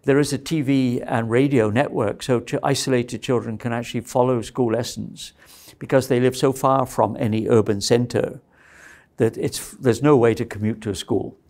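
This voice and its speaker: A man's voice: medium pitch, steady tone, moderate pace, darkish tone. A middle-aged man giving a university lecture in a conversational way, often checking in with his listeners by asking "right?" and "okay?".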